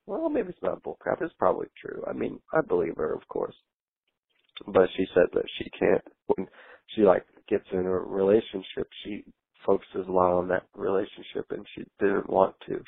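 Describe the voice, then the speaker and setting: A man's voice: fairly low pitch, gravelly, no echo. A man leaving a rambling, chatty voicemail for a call-in show. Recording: tinny phone line, dry.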